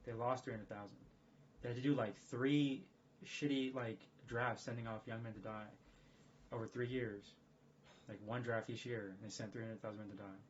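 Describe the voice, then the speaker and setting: A man talking casually on a livestream in a rambling, profane, excitable way. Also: medium pitch, moderate pace, slight background noise. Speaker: streamer. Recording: dull lo-fi stream audio.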